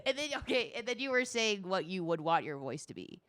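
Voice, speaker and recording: A woman's voice: mid-range voice, big pitch swings, fairly quick, fairly bright tone, clear, resonant tone, no echo, clean studio sound. A woman guest on a casual live stream, giggly and playful.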